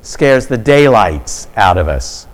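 Slow, low-voiced male preacher. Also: sing-song. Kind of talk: sermon.

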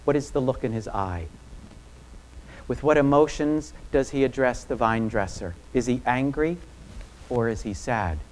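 A pastor preaches a sermon, asking his listeners a string of rhetorical questions and dropping low and quiet on key phrases.

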